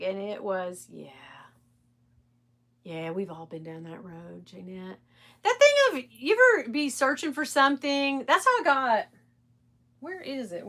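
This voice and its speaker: A chatty middle-aged woman hosts a live stream in a bright, forceful, slightly high voice. She speaks candidly and swears freely, laughing often as she talks straight to her viewers. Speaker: live stream host reselling designer bags. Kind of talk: casual live stream chat.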